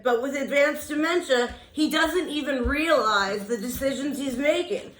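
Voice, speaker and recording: A woman's voice: on the high side, a bit bright. A woman delivering a sarcastic, scathing political rant as a vlogger. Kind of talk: ranting political monologue. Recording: roomy echo.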